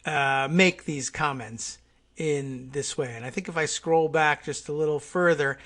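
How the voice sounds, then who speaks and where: A man's voice: on the high side, measured pace, fairly bright tone. A man hosting a political talk podcast, rambling and wry, with many fillers and restarts. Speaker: podcast host. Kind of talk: casual political commentary.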